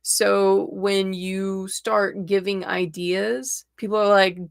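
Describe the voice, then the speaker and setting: Brief: young woman, livestream tarot reader, casual and chatty, gravelly fry, dry close-miked sound. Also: medium pitch, slow, no room sound. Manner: chatty, laughs often, excitable outbursts.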